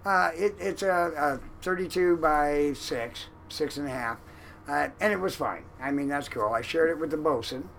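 Animated bright-voiced male storyteller. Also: on the high side, normal speed, gravelly, slight background noise, rough recording. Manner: animated, acts out quoted lines loudly. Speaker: guest, former fishing boat cook. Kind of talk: storytelling in a conversational interview.

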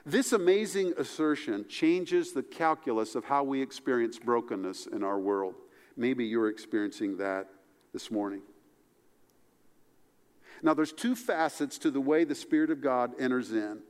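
A man preaching a sermon as pastor, animated, his voice climbing high for emphasis and falling low and soft. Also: moderate pace, long reverb tail.

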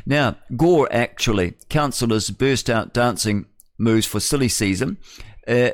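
A man's voice: mid-range voice, no echo. A man chats through the morning news on his radio show. He wanders off-topic and mutters asides to himself, his middling voice dry and close in the studio. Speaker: radio host. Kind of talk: rambling live radio chat.

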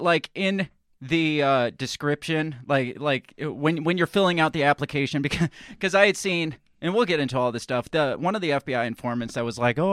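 A man's voice: a little high, a bit bright, smooth, dry recording. Joking male podcast host, dry sound. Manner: joking, loose, laughs often. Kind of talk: casual podcast chat.

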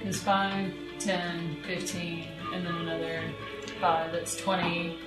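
A woman playing a tabletop game, slowly counting out dice in casual chat. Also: on the low side, little pitch movement. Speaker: player. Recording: echoey room with music underneath.

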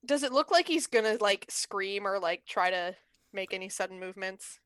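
A woman playing a tabletop game, calmly asking questions. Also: mid-range voice, normal speed, clean tone. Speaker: player.

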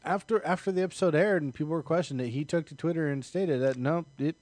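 A man's voice: a little high, fast talker, a little mellow, no room sound. A man co-hosting a casual podcast chat, explaining things eagerly. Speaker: podcast co-host.

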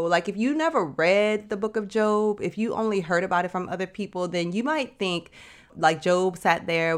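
A woman with a somewhat low voice hosts a faith podcast. She teaches the Bible in a relaxed, conversational way, with slangy asides and frequent "you know"s, speaking straight to the listener. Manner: chatty, addresses listener as sis, slangy asides. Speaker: podcast host. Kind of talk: casual Bible teaching talk.

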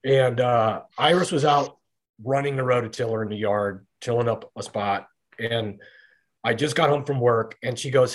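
A man's voice: medium pitch, normal speed. A middle-aged man, a podcast guest, talking casually and rambling through his stories with frequent restarts and fillers. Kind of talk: casual conversational storytelling.

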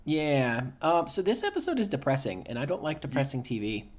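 A man's voice: fairly high pitch, wildly swooping pitch, a little fast. A man co-hosting a podcast in casual chat, blunt and swearing freely as he builds into rants. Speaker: podcast co-host.

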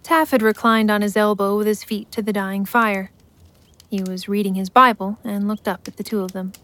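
A woman giving scripted story narration in a steady, measured way. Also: medium pitch.

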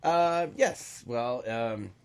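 A man's voice: medium pitch, lively intonation, very slow, darkish tone, clean tone. A man reviewing movies on a radio panel, talking hesitantly with many fillers. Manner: hesitant, lots of ums and likes. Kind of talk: casual panel chat.

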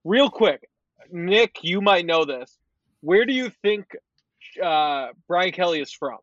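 High-voiced joking man on a podcast. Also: lively intonation, takes it slowly, fairly bright tone, dry recording, dull audio. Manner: joking, leads the segments. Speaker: podcast host. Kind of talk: casual sports chat.

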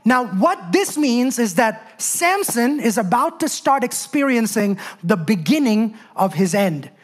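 A woman preaches a sermon in a lively, conversational way, keeping her listeners close with rhetorical questions. Her voice sits a little high, and she presses her points with emphasis. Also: a little slow.

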